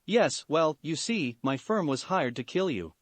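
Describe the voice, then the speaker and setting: A man voicing a calm young male assassin who speaks in a dry, matter-of-fact way. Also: a little high, measured pace, no room sound.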